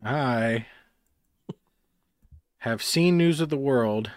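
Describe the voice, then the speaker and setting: A man's voice: mid-range voice, very slow, no room sound. A man co-hosting a casual chat, joking and hesitant as he makes his picks. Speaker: podcast co-host.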